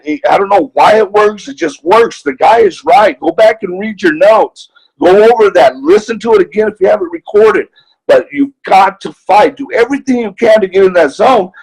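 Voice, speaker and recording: A man's voice: high voice, darkish tone, husky, poor audio. A middle-aged man giving a heartfelt, rallying motivational testimony as a guest speaker on a conference call.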